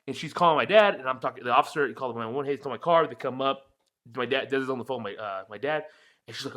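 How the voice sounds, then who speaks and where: A young man co-hosting a podcast in casual chat, telling stories with animated, swearing acted-out quotes. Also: very fast. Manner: animated, acts out quotes with big jumps in pitch and swearing. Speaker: podcast co-host.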